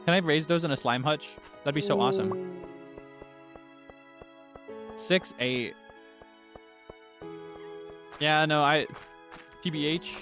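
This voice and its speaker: A man's voice: a little high, slow, long pauses, a bit bright. A young man streaming a game, chatting casually and nervously, scolding monsters on screen and laughing at himself. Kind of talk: casual gameplay commentary. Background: game music.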